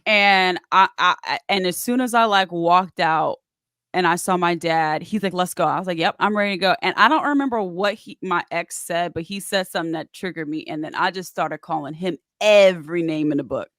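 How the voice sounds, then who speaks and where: A woman's voice: lowish voice, fairly quick, dry recording, studio quality. A woman guest in an interview, telling her story casually and acting out what others said. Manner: animated, acts out quoted voices.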